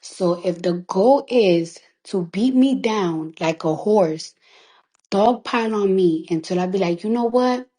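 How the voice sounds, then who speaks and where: Crying as she talks, a female recording artist delivers an emotional monologue over a phone livestream. Her lowish, mellow voice moves at a slow pace, and she is defiant and emphatic, cursing freely and repeating lines for emphasis.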